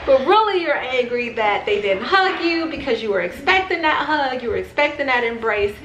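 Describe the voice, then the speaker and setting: A woman's voice: high voice, expressive, moderate pace, fairly bright tone, a little hiss or hum. A woman vlogger giving casual advice straight to the camera, talking conversationally and repeating phrases for emphasis. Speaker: parenting vlogger. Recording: roomy echo.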